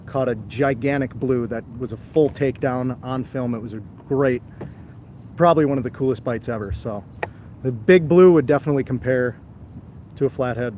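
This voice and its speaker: A man's voice: mid-range voice, normal speed, a little mellow, a little hiss or hum. A man co-hosting a live fishing stream outdoors at night, greeting viewers by name and chatting casually about catfish. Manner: reads out viewer names and greetings. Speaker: fishing show co-host.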